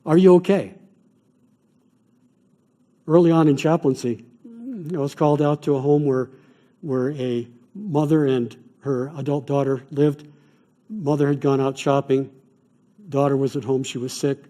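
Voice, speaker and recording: A middle-aged man, a chaplain, teaching an evening class on grief care in an earnest, measured way, with stories from his work. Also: mid-range voice, level tone, mellow. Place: classroom or church hall.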